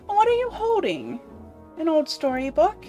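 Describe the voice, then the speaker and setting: A woman voicing an evil but wise woman who reads a fairy tale in a measured storybook cadence. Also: extremely high pitch, wildly swooping pitch, warm tone, faint music behind, voice pushed up, full character voice. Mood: storytelling. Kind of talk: voicing game dialogue.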